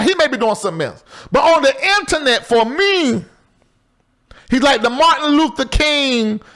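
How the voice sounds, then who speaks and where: Animated high-voiced man hosting. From Southern US. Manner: loose, chatty and animated, swings between high exclaims and low asides. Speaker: talk show host. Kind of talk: live call-in talk show monologue.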